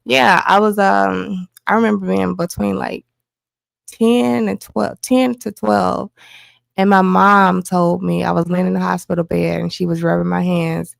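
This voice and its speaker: A woman's voice: fairly low pitch, a little slow, creaky, no room sound. A woman telling a personal story as a guest, acting out the lines of the people involved as she goes. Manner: animated retelling with quoted dialogue. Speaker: guest, host's wife.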